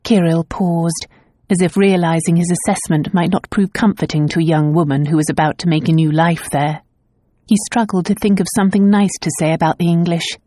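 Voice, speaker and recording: A woman narrating a romance novel audiobook in a calm, measured way. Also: fairly low pitch, dry recording. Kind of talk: scripted narration.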